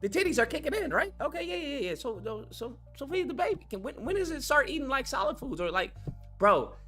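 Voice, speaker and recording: A young man talking casually to his viewers as host, telling stories in an excitable, profane way. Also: very high-pitched, a little fast, faint music behind. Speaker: streamer host.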